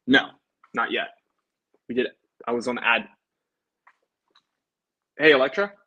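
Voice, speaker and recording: A man's voice: medium pitch, level tone, moderate pace, bright, forceful tone, slightly rough, lo-fi sound. A young man, an insurance sales agent, chatting casually with a livestream audience between phone calls to prospects. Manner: chatty, upbeat, talks to viewers and then dials prospects.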